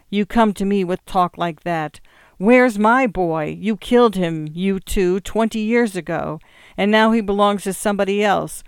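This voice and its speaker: A reader voicing a heartbroken middle-aged man in a storybook, shouting in anger. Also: mid-range voice, vocal fry, clear, resonant tone, dry recording, clean studio sound. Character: middle-aged man, grieving, bursting into rage. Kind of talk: audiobook reading.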